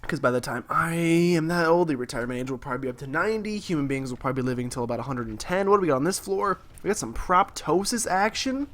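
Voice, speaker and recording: Young male let's play host, somewhat high voice, slightly husky, sarcastic and rambling. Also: lively intonation, fast, hardly any pauses, fairly bright tone. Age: young adult. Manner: rambling, sarcastic, filler-heavy. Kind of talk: gameplay commentary.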